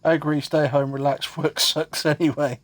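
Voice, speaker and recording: In a dry recording, a man with a slightly high voice speaks at normal speed in a level tone. He's livestreaming a game, bantering casually with friends and muttering to himself while playing.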